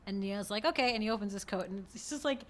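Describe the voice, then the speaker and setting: A woman co-hosting a podcast, recapping a film in casual chat, animated and laughing a lot as she acts out lines. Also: mid-range voice, fast talker. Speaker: podcast co-host.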